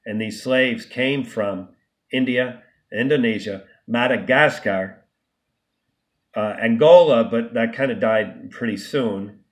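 A man's voice: medium pitch, slow pace. A man vlogging an unscripted monologue, emphatic and indignant, often restarting and stumbling over words. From United States.

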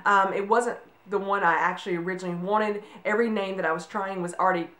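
A woman's voice: medium pitch, fairly even intonation, fast talker, fairly bright tone. A woman in her forties chatting casually to camera, rambling a little with frequent ums. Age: 40s. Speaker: vlogger. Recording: echoey room.

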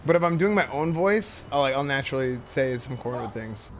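A male streamer talks casually with visiting friends, easygoing and quick to laugh. His pitch moves around a lot as he banters. Clear room noise sits under the voice. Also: expressive. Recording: noisy room ambience.

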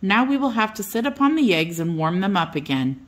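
A woman's voice: mid-range voice, sing-song, fairly quick, close to an everyday voice. An older woman voicing two motherly old hens who patiently explain how eggs hatch.

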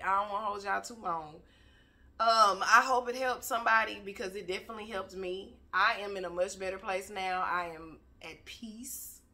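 Bright-voiced blunt motivational woman. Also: mid-range voice. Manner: blunt, preachy, swears freely. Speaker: motivational speaker. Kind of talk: candid motivational talk. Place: home, on a couch.

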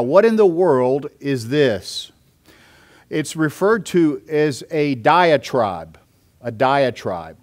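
A man, a pastor, preaching an expository sermon and explaining scripture step by step, with occasional fillers. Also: fairly high pitch.

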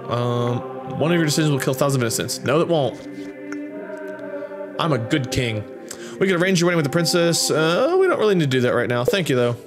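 A young man talks through a strategy game at his desk, reading the cards and tossing off quick wry remarks. His voice sits a little on the high side. Game music runs clearly underneath the whole time. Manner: chatty, wry, bouncing between reading and quick reactions. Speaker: gameplay commentator. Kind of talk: casual let's-play commentary, reading game cards aloud. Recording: game music playing behind the voice.

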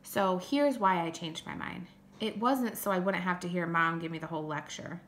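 A woman's voice: fairly low pitch, moderate pace, fairly bright tone, slight background noise. Woman reading a first-person story. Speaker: audiobook reader.

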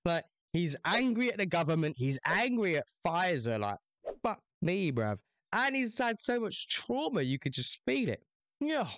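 A man's voice: sits high, big pitch swings, unhurried, fairly bright tone, dry recording. A young man hosting a reaction video, chatting casually with slangy banter and swearing.

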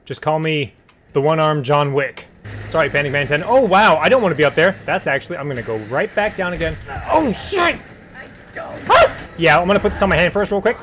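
A man's voice: fairly high pitch, fast talker, noisy background. Joking man streaming a horror game. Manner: joking, deadpan asides, sudden yelps at scares. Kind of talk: live horror gameplay commentary.

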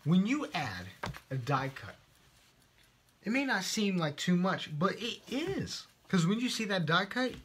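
A man's voice: sits high, big pitch swings, measured pace, pauses often, a bit bright, husky. Playful Texan man demoing crafts. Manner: playful, silly, joking asides. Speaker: guest presenter of a craft show. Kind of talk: casual live craft demo, reading viewer comments.

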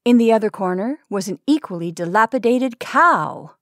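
A woman reading a classic short story aloud with a measured, expressive delivery. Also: on the high side, no room sound, clean studio sound. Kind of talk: read-aloud story narration.

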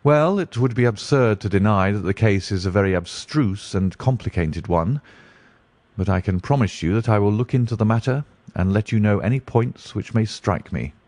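Aloof genius detective in a storybook, low and deliberate, read by a man. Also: a little mellow, no room sound, natural voice. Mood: musing. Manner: deliberate, musing. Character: brilliant, dreamy male detective, aloof.

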